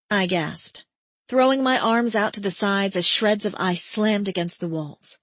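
A woman narrating first-person fiction in a breathy, measured, steady voice. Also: medium pitch, no room sound. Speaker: audiobook narrator.

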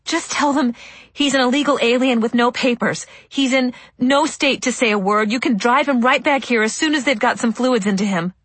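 A woman's voice: fairly high pitch, normal speed, fairly bright tone, breathy edge, dry recording. A woman voicing a frantic young mother who pleads urgently, her voice shaking, in an audiobook. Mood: pleading.

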